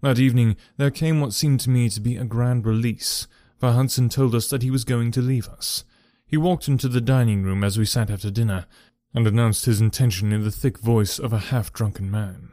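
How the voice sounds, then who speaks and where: A man voicing a troubled young gentleman who earnestly recounts a family ordeal. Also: medium pitch, fairly even intonation, a little fast, few pauses, no room sound, clean studio sound, natural voice. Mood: grave. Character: young gentleman, troubled, telling of his father's ruin.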